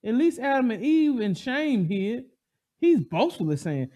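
A man preaching a sermon, emphatic and animated, asking the congregation call-and-response questions. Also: very high-pitched, measured pace.

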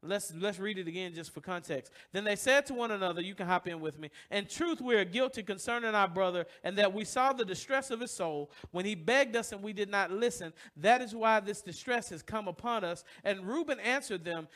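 A man's voice: high-pitched, brisk, hardly any pauses, a bit bright. A man preaching a sermon, asking the congregation to finish his sentences and building with emotion. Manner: call-and-response questions to the congregation; preaching with rising emotion and repetition. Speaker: pastor.

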